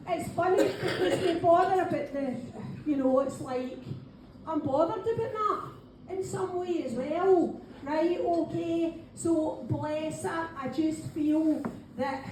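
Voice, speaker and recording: A Scottish woman with a high voice gives a live mediumship reading in a pub function room. She chats to the audience and keeps saying "right, okay". The room is very echoey with a faint hum of noise behind her. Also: slow, mellow. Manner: chatty, keeps saying "right, okay", calls people darling. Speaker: spiritual medium.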